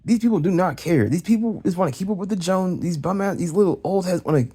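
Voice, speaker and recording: A man's voice: high voice, quick pace, warm tone, slightly rough. A young man venting in an agitated, profane late-night rant, tripping over restarts as he goes. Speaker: vlogger.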